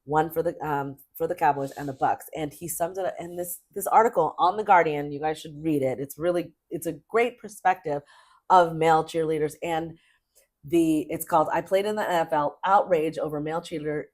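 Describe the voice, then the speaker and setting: Woman, middle-aged, sports podcast co-host, casual chat, chatty, emphatic, slightly low voice. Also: a little fast, a little mellow. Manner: chatty and emphatic, rambling with restarts.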